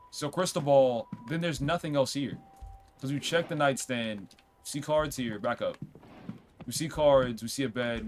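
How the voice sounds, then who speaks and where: A man streaming a game, chatting casually, reading on-screen text aloud and reacting with quick outbursts. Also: medium pitch, a little hiss or hum. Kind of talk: casual let's-play commentary.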